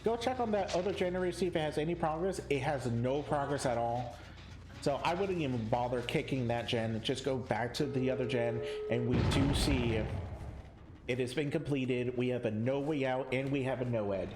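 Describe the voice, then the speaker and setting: A young man casting a competitive video game live, excitable, sometimes stumbling over his words. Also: mid-range voice, normal speed, roomy sound. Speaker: esports caster.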